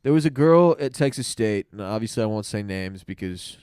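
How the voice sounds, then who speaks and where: A man's voice: lowish voice, brisk, smooth, no room sound. Wry young man telling crude stories. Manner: wry, deadpan gross-out storyteller. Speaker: podcast guest. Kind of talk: casual podcast banter.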